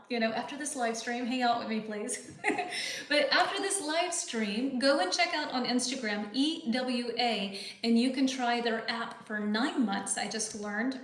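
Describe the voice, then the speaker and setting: Chatty woman teacher in an echoey room. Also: a little high. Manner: chatty, thinking aloud, frequent fillers and laughs. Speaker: English teacher hosting a live lesson. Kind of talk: casual live-stream chat reading viewer comments.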